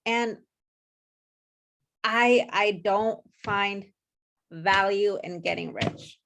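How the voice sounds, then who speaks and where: A woman's voice: medium pitch, gravelly, background noise. A woman, a newly licensed real estate agent, sharing on a group video call in an emotional, hesitant way. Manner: slow, emotional, hesitant with fillers.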